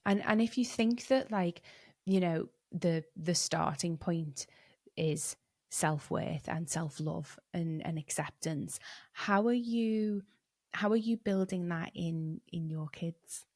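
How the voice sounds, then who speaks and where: Woman podcast host, lowish voice, dry close mic, probing questions. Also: slow, darkish tone, dry recording. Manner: thoughtful, musing questions, rises when asking. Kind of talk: conversational interview questions.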